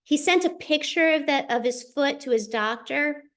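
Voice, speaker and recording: A middle-aged woman with a fairly high voice tells a personal story as a show host. She is chatty and animated and tosses in quick asides. She talks over a video call. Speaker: host sharing a personal testimonial. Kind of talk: casual storytelling.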